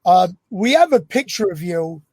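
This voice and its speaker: A male podcast host interviewing a guest admiringly, hesitant and filling pauses with "uh" and "um". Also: high-pitched, big pitch swings, breathy edge, dry recording, clean studio sound. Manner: admiring, hesitant with many fillers. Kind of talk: casual interview.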